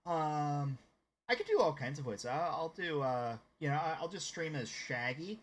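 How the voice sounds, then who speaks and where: A man's voice: fairly high pitch, animated, moderate pace. An American man with a slight Southern accent who streams games and chats casually with his viewers. He rambles and hesitates as he talks. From United States. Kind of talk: casual live-stream chat.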